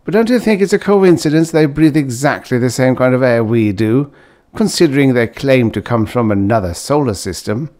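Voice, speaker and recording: A man's voice: medium pitch, lively intonation, moderate pace, darkish tone, pitched above the performer's own voice, close to an everyday voice. Man putting on a pushy, needling burly uncle. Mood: insinuating. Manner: insinuating, pushy. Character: burly hairy middle-aged male conspirator, needling.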